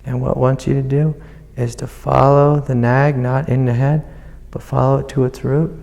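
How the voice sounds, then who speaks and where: A man speaking as a spiritual teacher, guiding a student in a gentle, soothing way and calling her sweetie. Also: mid-range voice, level tone, normal speed, gravelly. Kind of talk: satsang guidance to a student. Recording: long hall reverb.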